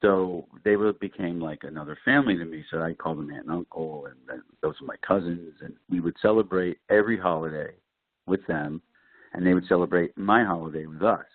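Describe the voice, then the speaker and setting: A middle-aged man from Brooklyn, an actor telling lively stories as an interview guest. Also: fairly quick, no echo. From Brooklyn, New York. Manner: animated storyteller, lively pitch jumps. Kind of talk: casual interview. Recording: dry, tinny phone-like line.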